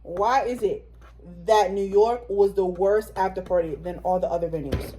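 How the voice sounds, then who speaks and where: A woman's voice: mid-range voice, fairly even intonation, normal speed, mellow. A young woman co-hosting a vlog, chatting casually and telling a slangy story with quotes. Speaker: vlog co-host. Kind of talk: casual chat.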